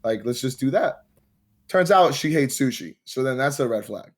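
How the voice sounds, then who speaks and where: A young man spins a dating story on a casual podcast, swearing freely and getting animated. His voice sits in an ordinary middle pitch. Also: moderate pace. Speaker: podcast host.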